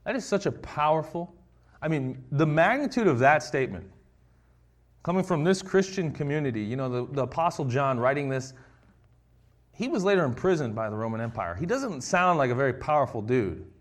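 A man's voice: on the high side, lively intonation, a little fast. A man preaching a conversational sermon, reading scripture and acting out the quoted lines.

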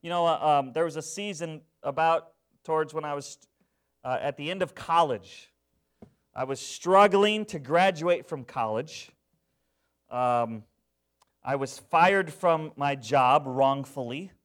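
A young adult man delivers a sermon in an unhurried, deliberate way. His voice sits fairly high, and he leans on emphasis, pausing to check in with his listeners. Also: fairly bright tone, smooth. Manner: emphatic, call-and-response asides to the congregation. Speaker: pastor.

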